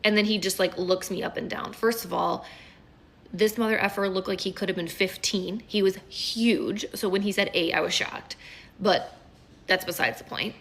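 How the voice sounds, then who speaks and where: A woman in her thirties, a kindergarten teacher and mother, telling a casual story in an animated, chatty way with quick asides. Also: mid-range voice.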